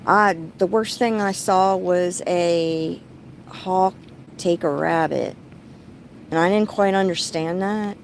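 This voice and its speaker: A woman's voice: on the low side, slow pace, slight background noise, low-quality recording. A middle-aged woman telling stories in a casual vlog, chatty and breaking off to talk to her pet bird. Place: rural home, outdoors.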